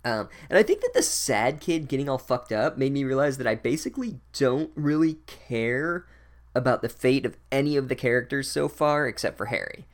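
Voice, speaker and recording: A man's voice: mid-range voice, animated, moderate pace. A man giving a casual, profane, sardonic recap of a book as a podcast host. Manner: sardonic, swears a lot, wry.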